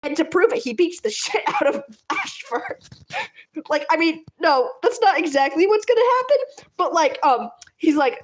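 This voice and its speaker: A woman's voice: high-pitched, expressive, a little fast. A woman telling a rambling, giggly story while drawing, with many fillers. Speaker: video creator.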